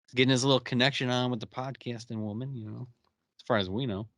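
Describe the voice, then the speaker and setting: A man hosting a podcast casually recaps a TV episode, animatedly acting out the characters' lines in quick impressions. His mid-range voice comes through a dry, clean studio recording.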